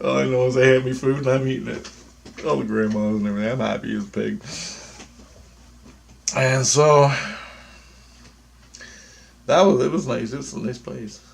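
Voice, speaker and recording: A man's voice: medium pitch, steady tone, moderate pace, gravelly, long pauses. A man in his fifties talking in a rambling monologue, blunt and full of profanity. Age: 50s. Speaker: vlogger.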